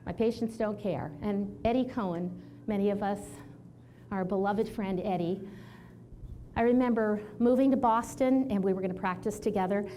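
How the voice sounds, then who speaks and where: A chiropractor in her sixties giving an animated storytelling talk to an audience, acting out the people she quotes. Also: mid-range voice, moderate pace, slight background noise. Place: event hall with audience.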